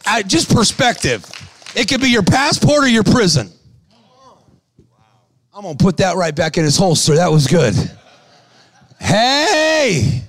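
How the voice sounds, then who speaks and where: A man's voice: high-pitched, moderate pace, long pauses, slightly rough, no echo. A man preaching a sermon, telling stories with acted-out voices and exhorting the crowd. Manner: animated storytelling, acts out quoted voices.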